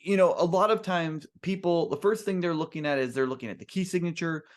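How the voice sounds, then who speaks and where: A man's voice: a little high, brisk. A man who is a composer, giving an earnest, emphatic talk to musicians at a band clinic and restarting his sentences often.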